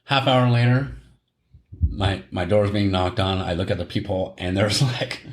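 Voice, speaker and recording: The podcast host here is a middle-aged man with a deep, fairly even voice, speaking unhurriedly. His casual storytelling runs long, full of rambling, self-corrections and laughter at his own story, and the recording has a roomy echo.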